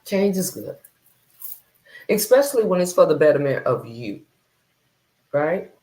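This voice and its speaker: Low-voiced woman chatting with viewers. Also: dark tone. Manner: greets viewers by name, repeats herself. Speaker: livestream host. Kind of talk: casual livestream chat.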